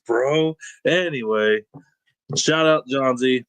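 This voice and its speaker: A man co-hosting a casual food show, joking around and giving shout-outs. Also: mid-range voice, moderate pace, dry recording. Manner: laid-back, joking, lots of shout-outs. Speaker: co-host. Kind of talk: casual chat.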